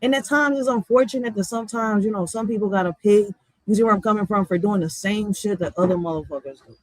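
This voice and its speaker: A woman from Philadelphia with a Philly accent, ranting bluntly and with a lot of swearing, going from loud outbursts to low muttering. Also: fast talker, no echo, low-quality recording. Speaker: vlogger. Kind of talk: heated profane rant.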